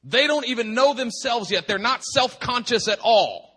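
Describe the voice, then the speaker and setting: A middle-aged male pastor preaching a sermon with impassioned emphasis, swinging from hushed tones to shouting and repeating words for effect. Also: extremely high pitch, expressive, moderate pace, slightly rough. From United States.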